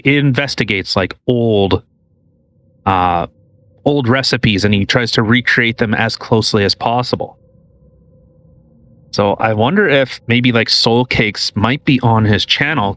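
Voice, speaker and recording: A man with a bright, edgy voice co-hosts a casual podcast. He rambles, hesitating and restarting his sentences as he goes. The sound is dry and close. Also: mid-range voice, unhurried, no room sound. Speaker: podcast co-host.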